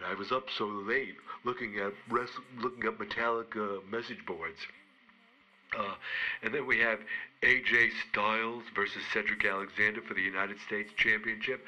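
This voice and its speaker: Guy on a podcast rambling thru his picks, lowish voice, really sharp and bright, keeps stumbling and mocking himself. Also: fairly even intonation, poor audio. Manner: rambling, halting, self-mocking. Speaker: podcast co-host giving wrestling picks. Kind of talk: comedic rambling monologue.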